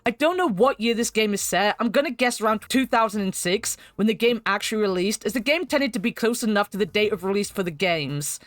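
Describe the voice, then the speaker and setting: A woman's voice: medium pitch, expressive, fairly quick, few pauses, dry recording, studio quality. A woman giving wry, chatty commentary in a retrospective video game review.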